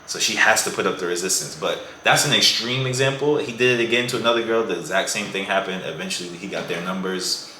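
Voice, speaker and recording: Deep, forceful, slangy young man. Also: fast talker, slight background noise. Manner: slangy, says "bro" a lot. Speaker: dating advice creator. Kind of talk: casual vlog monologue. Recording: echoey room.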